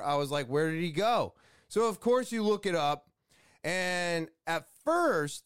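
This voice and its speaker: A man's voice: fairly high pitch, clean tone, dry recording, clean studio sound. A man hosting a podcast, talking in a rambling, blunt way with swearing and lots of fillers. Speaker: podcast host. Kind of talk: casual podcast rant.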